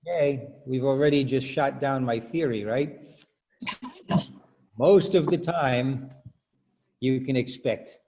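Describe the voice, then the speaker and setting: A man's voice: mid-range voice, slow, pauses often, dark tone. A man teaching rhythm as a choral director in an online workshop, patiently explaining and counting beats aloud over a video call.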